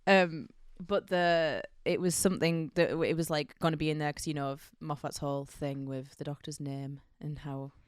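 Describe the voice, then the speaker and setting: A woman's voice: low voice, steady tone, moderate pace, hardly any pauses, clear, resonant tone, dry recording, clean studio sound. A woman co-hosting a podcast in a casual, rambling chat, laughing often. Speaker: podcast co-host.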